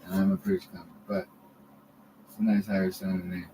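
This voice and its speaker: A man's voice: sits low, little pitch movement, brisk, noisy background. A man from Canada rambling profanely to camera, jumping from topic to topic.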